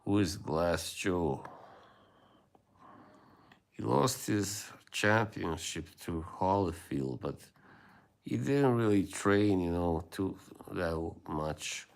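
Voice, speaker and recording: A man's voice: low voice, animated, slow, creaky, long pauses. A man hosting a livestream, rambling in casual chat with his viewers and laughing often. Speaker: livestream host.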